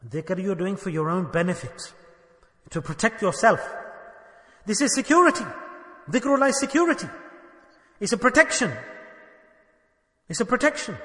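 A man gives a sermon as a spiritual teacher, his voice pitched high. He keeps asking the listeners questions and acts out little dialogues. The sound rings with a long echo, like a large hall. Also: a bit bright. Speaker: sufi shaykh preacher.

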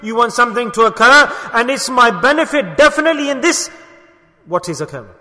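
A man with a very high, bright voice preaches a sermon. He presses his points with emphatic rhetorical questions and often drops to soft, low murmurs. His voice rings with the long reverb of a large hall. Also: lively intonation, brisk.

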